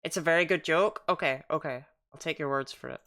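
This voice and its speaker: A woman's voice: deep voice, brisk, fairly bright tone. A woman streaming a game, chatting and reading its lines aloud in a self-mocking way.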